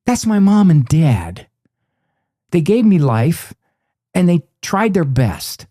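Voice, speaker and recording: An older man, a psychologist appearing as a guest in a conversational interview, tells stories animatedly and acts out the voices of the people he quotes. His voice is a little high and slow, and the recording is dry with clean studio sound.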